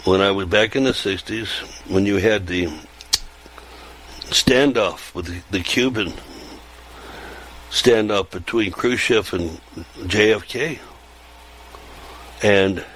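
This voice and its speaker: An older man in his seventies with a fairly low voice talks on in a loose, rambling monologue. He circles back, repeats words and restarts sentences as he goes, in an unhurried, conversational delivery. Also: fairly bright tone, slight background noise, rough recording. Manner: meandering, repeats and restarts phrases.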